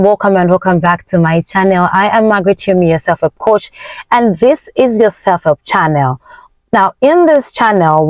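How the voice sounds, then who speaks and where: An emphatic woman, a Nyanja speaker, coaching her viewers like a self-help preacher. Her voice leaps up and slows right down as she stresses a point. The sound is close and dry, with no room echo. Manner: emphatic and expressive, with big swings in pitch and tempo; preachy, faith-filled encouragement. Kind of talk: motivational vlog talk.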